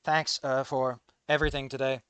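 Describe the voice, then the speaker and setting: A man's voice: medium pitch, level tone, moderate pace, fairly bright tone, clean tone, no echo, close to an everyday voice. A man doing a reserved, skeptical young woman.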